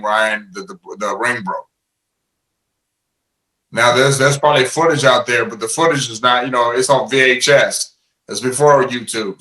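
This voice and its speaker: A man's voice: medium pitch, pushed and bright, reverberant, low-quality recording. A man being interviewed in a casual chat, talking animatedly and often repeating words as he starts a thought. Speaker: interview guest.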